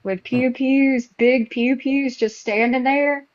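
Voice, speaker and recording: A middle-aged woman hosting a podcast, telling stories in a casual, animated way and acting out her own past reactions. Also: sits high, takes it slowly, dry recording. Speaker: podcast host. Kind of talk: casual chat. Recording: dull, dry lo-fi sound.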